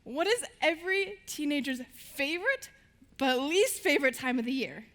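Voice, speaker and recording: A teenage girl speaks to a live audience from a stage in a high voice. Her tone is bright and lively, and she tells her stories in a bubbly way, laughing now and then. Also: moderate pace. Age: teens. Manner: bubbly storytelling, laughs between lines.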